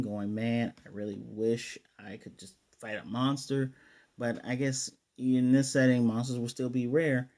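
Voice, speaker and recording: A man's voice: medium pitch, a little mellow. A man casually recapping and reviewing an anime episode, rambling and acting out the characters' lines as he goes.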